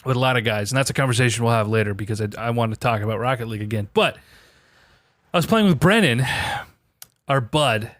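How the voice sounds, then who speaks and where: On a casual gaming podcast, a medium-pitched male co-host tells stories with lots of energy. He swears often, and the recording is clean studio sound without any room echo.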